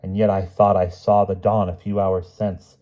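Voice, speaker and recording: A man's voice: flat delivery, normal speed, muffled recording, natural voice. A man voicing a lost, frightened male villain who yelps indignant legal jargon. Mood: fearful. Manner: shrill, pleading, indignant outbursts. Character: panicky lost adult male villain spouting lawyer talk.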